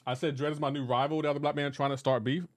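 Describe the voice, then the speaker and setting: A man's voice: a little high, little pitch movement, rapid-fire. A young man live-streaming a game, chatting casually with his chat and teasing them in playful banter. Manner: teasing, banter-heavy, breaks into laughter.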